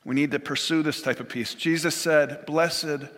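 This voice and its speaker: A man delivers a sermon with an earnest, measured cadence, pausing and restarting now and then as he quotes scripture. His voice sits a touch high and rings bright and forceful. Long reverb from a large church hall trails each phrase. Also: steady tone. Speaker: pastor.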